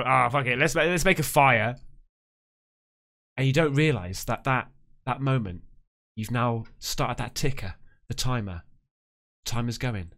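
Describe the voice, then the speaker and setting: A man's voice: medium pitch, a bit bright. A man hosting a reaction video, talking casually and emotionally and swearing often.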